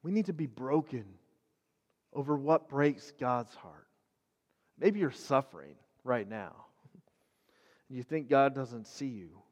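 A man's voice: mid-range voice, expressive, slow, pauses often, long reverb tail. A middle-aged man giving a casual, earnest sermon, talking in a conversational way with many fillers and restarts. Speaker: pastor.

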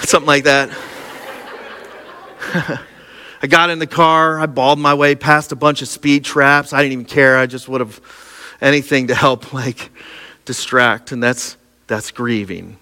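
A middle-aged man preaching a sermon, telling a personal story with lively, self-mocking energy. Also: medium pitch, a little slow, pauses often, clean tone. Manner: personal storytelling, animated, laughing at himself. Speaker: pastor. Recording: long hall reverb.

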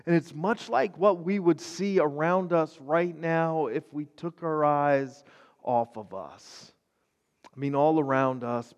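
Earnest high-voiced man preaching with reverb. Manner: earnest, shifts between hushed and fervent; conversational, with many fillers. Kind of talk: online sermon. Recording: long reverb.

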